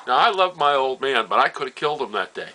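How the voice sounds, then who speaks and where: A man's voice: mid-range voice, very animated, quick pace, pushed and bright, a little hiss or hum, low-quality recording. An older man from Nova Scotia telling family stories in a casual way, chuckling often and repeating himself as he goes. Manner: laughs often, chuckling asides, trails off and repeats phrases. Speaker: storyteller. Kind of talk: casual personal storytelling.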